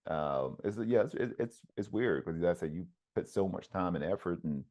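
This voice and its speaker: A man's voice: deep voice, expressive, moderate pace, dull audio. A man who coaches wrestling, talking in an easygoing, casual conversation with frequent ums and uhs. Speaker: wrestling coach and podcast host.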